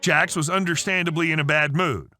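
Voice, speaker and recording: A man narrating a story aloud in a lively, chatty way. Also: a little high, a little fast.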